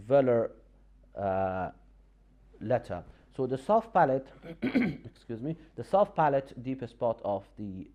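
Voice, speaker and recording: A man teaching Quran recitation on a TV lesson, explaining pronunciation patiently in a halting way, with many fillers and restarts. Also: fairly low pitch, mellow.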